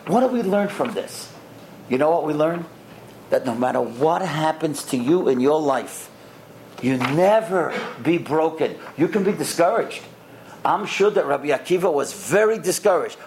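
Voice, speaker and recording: A man with a fairly high voice gives a lively lesson to a group of boys and adults. He tells stories, voices the people in them, and stops often to question his listeners. A faint hum of noise sits behind him. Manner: lively, acts out the quoted characters, quizzes the listeners. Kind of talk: animated storytelling lesson with questions to the audience.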